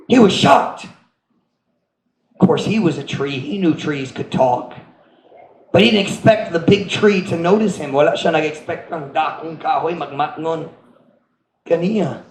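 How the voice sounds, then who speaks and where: Playful pastor guy telling kids a story, slow, gravelly, roomy echo with faint background noise. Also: on the high side. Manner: playful storyteller, switches between English and Cebuano. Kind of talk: children's story sermon. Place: church hall.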